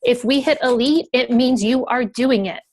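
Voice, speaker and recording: A woman's voice: on the high side, normal speed, darkish tone, no room sound. A woman team leader speaking on a group call with earnest, emotional passion about her team's goals. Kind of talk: heartfelt thanks on a team call.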